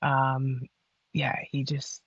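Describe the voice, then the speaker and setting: A woman guest on a podcast, telling a personal story in a casual, animated way and acting out what others said. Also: a bass voice, drawn-out words, breathy edge, no room sound, muffled recording.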